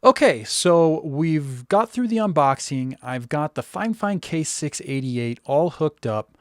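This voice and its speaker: A man's voice: fairly high pitch, a little slow, no echo, studio quality. A man giving a casual, step-by-step spoken review of a microphone. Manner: relaxed, conversational, explaining step by step. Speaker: tech reviewer.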